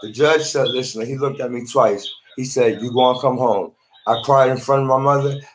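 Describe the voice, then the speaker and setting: A man's voice: mid-range voice, fairly even intonation, moderate pace. A man talking to a phone in a rambling monologue, often repeating and restarting his words.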